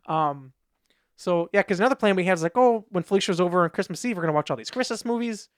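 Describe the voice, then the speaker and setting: A man's voice: high voice, expressive, fast talker, smooth, no echo, clean studio sound. A man co-hosting a podcast in casual chat, rambling through anecdotes and acting out what people said in raised voices. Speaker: podcast co-host.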